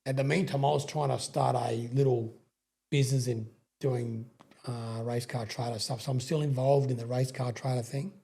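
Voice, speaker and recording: A man's voice: mid-range voice, steady tone, normal speed, creaky, mellow, breathy edge. A middle-aged Australian man telling rambling stories as a podcast guest, swearing freely and often restarting his sentences. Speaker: guest, sprintcar racing veteran. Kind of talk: casual storytelling interview.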